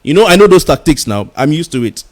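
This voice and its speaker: This radio host's voice is on the high side, very animated, and fast. He's in a heated on-air clash with a caller, insisting on his point and repeating himself to hold the floor.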